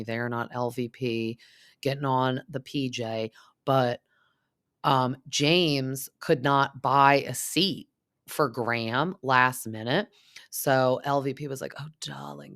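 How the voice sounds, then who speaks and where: Very low-voiced gossipy woman host. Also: a bit bright, no room sound, studio quality. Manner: gossipy, frequent "like" and "um", mimics cast members. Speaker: podcast host recapping reality TV. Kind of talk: casual chatty recap.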